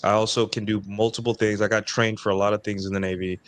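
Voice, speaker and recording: A man hosting a casual podcast chat, blunt and profane, mimicking others in high mocking voices. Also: little pitch movement, quick pace. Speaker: podcast host.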